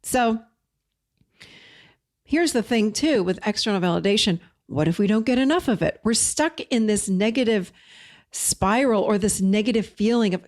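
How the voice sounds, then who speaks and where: A woman's voice: mid-range voice, measured pace. Encouraging middle-aged woman giving motivational talk. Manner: warm encouraging, conversational, addresses viewers as you guys. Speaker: therapist and life coach.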